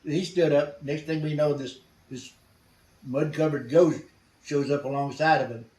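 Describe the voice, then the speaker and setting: A man's voice: fairly high pitch, steady tone, measured pace, darkish tone, far from the mic. Blunt older man telling war stories. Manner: blunt, salty, chuckling storyteller. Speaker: veteran interviewee. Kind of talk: storytelling interview. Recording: roomy sound from off mic.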